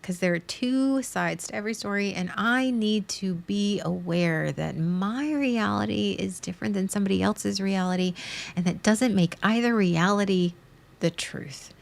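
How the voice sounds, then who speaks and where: A woman's voice: medium pitch, moderate pace, vocal fry. A woman in her thirties talking on a live stream, rambling and emotional, restarting her sentences and laughing between thoughts.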